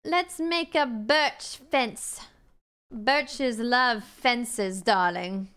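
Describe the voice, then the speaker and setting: A woman streaming a game live, putting on a mock-haughty diva manner and calling her chat "darling", with sudden swoops into shrill indignation. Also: extremely slow, a bit bright, clear, resonant tone. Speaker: gaming streamer.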